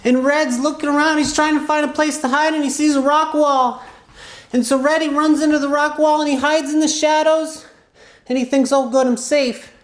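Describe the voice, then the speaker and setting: A woman's voice: sits high, flat delivery, moderate pace, roomy sound. A woman telling an improvised children's story in a clown persona, rambling and playful with asides.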